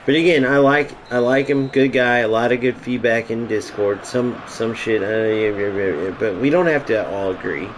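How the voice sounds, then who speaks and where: A man's voice: mid-range voice, moderate pace, hardly any pauses, slight background noise, low-quality recording. A man streaming a game, ranting casually and profanely to his chat. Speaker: gaming streamer.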